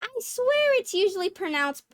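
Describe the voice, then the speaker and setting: A woman's voice: very high voice, big pitch swings, moderate pace. A woman livestreamer chatting casually, giggly, swearing now and then and stumbling over her words. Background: faint game music.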